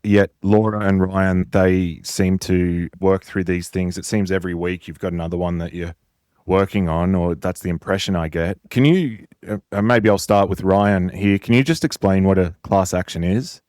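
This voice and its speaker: A man, a podcast guest, asking measured questions and teasing the hosts. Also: low-pitched, a little mellow, clean tone, dry recording, clean studio sound. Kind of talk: casual podcast chat.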